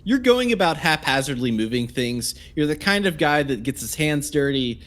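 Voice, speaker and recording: A man's voice: on the high side, very animated, a bit bright. A man narrating a tabletop game as game master, casual with many fillers. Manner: casual, filler-heavy, halting.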